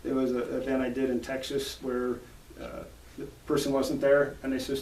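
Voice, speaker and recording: A man chats as a cowboy poet guest in a folksy, storytelling way. His voice sits at a middle pitch. He is recorded in an echoey room from a distance, with a faint hiss behind him. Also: completely flat delivery, moderate pace, darkish tone. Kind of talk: casual interview chat.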